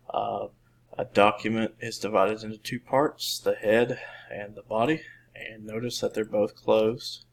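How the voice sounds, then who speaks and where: A man in his thirties giving a relaxed, rambling coding lesson with many fillers and restarts. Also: lowish voice, unhurried, vocal fry. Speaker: teacher. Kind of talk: screen-recorded coding lesson.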